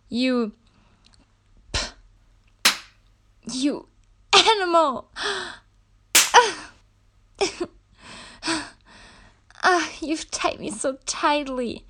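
A woman voicing a proud, defiant young captive princess in an adult audio role-play, breathy and gasping as she pleads. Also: sits high, slow pace, pauses often, fairly bright tone.

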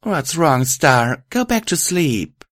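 Calm young mare friend, man doing it higher and soft, storybook style. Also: slow pace, dry recording, clean studio sound, full character voice. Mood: concerned.

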